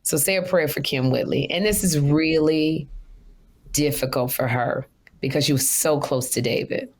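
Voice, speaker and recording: A middle-aged woman co-hosting a podcast, telling comic stories in an animated way that swings high when she quotes people. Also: moderate pace. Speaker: podcast co-host. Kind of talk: comic storytelling chat.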